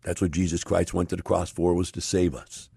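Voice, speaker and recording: A man's voice: low-pitched, little pitch movement, fairly quick, creaky, warm tone, breathy edge, no room sound, clean studio sound, full character voice. A man voicing a stubborn, devout man who insists on his faith and refuses rescue. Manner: fervent, insistent preaching.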